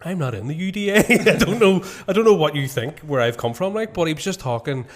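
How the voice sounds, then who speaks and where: A young man with a Belfast accent tells anecdotes on a casual podcast, his voice sitting a little high. He laughs through his stories and swears freely. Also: lively intonation, a little fast. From Northern Ireland. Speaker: podcast co-host and musician. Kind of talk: casual chat, storytelling.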